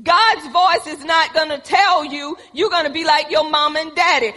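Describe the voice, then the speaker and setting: Woman, preacher, sermon, high voice, quotes scripture, question-and-answer delivery, long hall echo. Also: normal speed, hardly any pauses, sharp tone.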